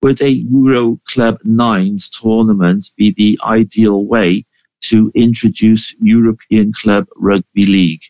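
A man's voice: on the low side, fairly even intonation, takes it slowly, a little mellow, dry recording. A Welsh man calling in to a podcast, talking through his idea thoughtfully. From Wales. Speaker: caller. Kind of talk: phone-in chat. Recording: dull phone-line call.

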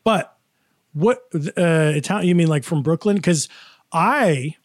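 A man from upstate New York co-hosting a podcast, animated and questioning in casual chat. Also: a little high, measured pace, dry recording, studio quality. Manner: animated, questioning, playfully indignant storyteller. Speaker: podcast co-host.

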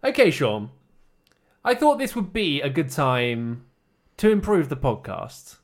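A man's voice: a little high, very animated, a little slow. A man co-hosting a casual podcast, talking in a dry, teasing way. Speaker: podcast co-host. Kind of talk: casual chat.

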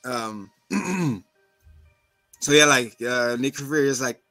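A man co-hosting a podcast, recapping a show in animated casual chat and acting out scenes. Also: medium pitch, slow, no room sound, soft background music. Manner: animated, acts out scenes in quotes, laughs. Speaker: podcast co-host.

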